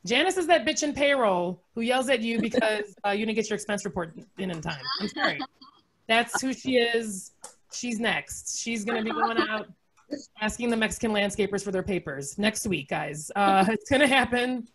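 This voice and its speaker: Stand-up comic, woman in her forties, fairly high voice, sarcastic and animated, laughs at her own bits. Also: normal speed. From United States. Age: 40s. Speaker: stand-up comedian. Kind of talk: stand-up comedy set.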